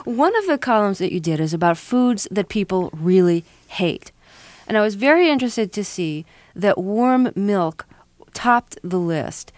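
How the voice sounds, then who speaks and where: A woman's voice: medium pitch, lively intonation, measured pace, darkish tone, no room sound. A woman hosting a radio interview, asking friendly, curious questions. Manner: friendly, curious, laughs easily.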